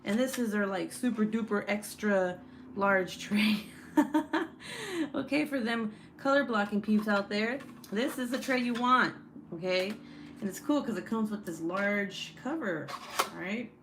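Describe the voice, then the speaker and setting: A woman's voice: medium pitch, unhurried. A young woman hosts a loose, chatty true crime livestream from her home desk. She swears freely and reads viewer comments aloud in an offhand way. A faint hiss sits under her voice. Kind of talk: casual livestream chat. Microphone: desk setup, phone or webcam.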